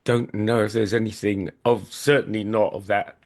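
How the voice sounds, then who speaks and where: A man's voice: fairly low pitch, steady tone, moderate pace. A man co-hosting a podcast, speaking thoughtfully and hesitantly, often repeating words as he looks for the right phrase. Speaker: podcast co-host. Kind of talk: casual chat.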